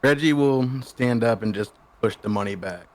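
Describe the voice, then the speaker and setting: A man at the gaming table states what his character does in a plain, matter-of-fact way. His voice sits at an ordinary pitch for a man. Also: normal speed. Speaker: player. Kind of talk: casual tabletop play.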